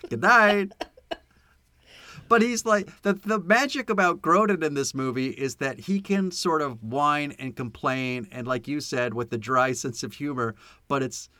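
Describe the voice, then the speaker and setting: A man co-hosting a podcast in casual chat, animated and laughing often as he acts out movie lines. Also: medium pitch, moderate pace, few pauses, no room sound. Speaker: podcast co-host. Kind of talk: casual chat about a film.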